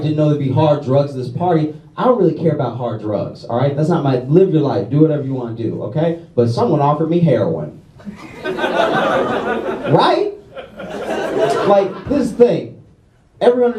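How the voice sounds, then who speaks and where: A man's voice: a little high, noisy background. A young man from Louisiana doing a self-deprecating stand-up comedy set, often checking in with the crowd. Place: comedy club stage. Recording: roomy club sound from a distant mic with loud crowd. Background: audience laughter.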